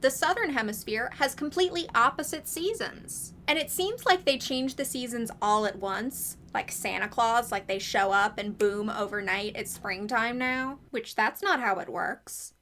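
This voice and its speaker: A woman talks through her commentary in a bright, tense voice pitched a little high, chatty and opinionated. She drops wry, sarcastic asides and laughs often. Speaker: video essayist reviewing films. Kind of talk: casual scripted commentary.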